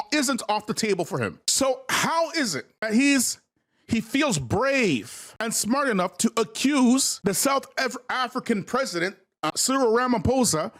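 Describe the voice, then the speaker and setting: A man's voice: sits high, a bit bright. A man hosting a livestream commentary, talking in a preachy, repetitive way and calling his viewers family. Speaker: host.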